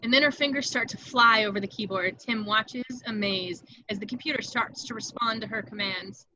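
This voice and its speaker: A woman reading stage directions aloud in an amateur online table read, brisk and vivid, with occasional slips she corrects. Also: a little high, pushed and bright, lo-fi sound, slight background noise.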